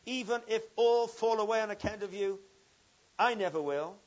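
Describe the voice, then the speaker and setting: A preacher voicing the disciple Peter as an earnest, bold man swearing loyalty, loud and emphatic. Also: high-pitched, moderate pace, lo-fi sound, voice pushed up, natural voice. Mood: fervent pledge.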